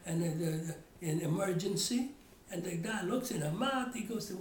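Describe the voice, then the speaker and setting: A man's voice: high-pitched, moderate pace, a little hiss or hum. An older man tells family stories in an oral history interview. He rambles and restarts his sentences often. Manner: rambling storytelling with many restarts. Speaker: father telling family stories. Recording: roomy echo.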